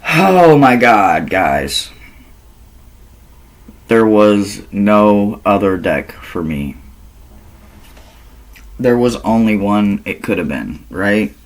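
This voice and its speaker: Slow, laughing, foul-mouthed man. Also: on the low side. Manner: animated, laughs often, swears freely; slow, drawn-out delivery. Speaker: tarot reader. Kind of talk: casual vlog chat.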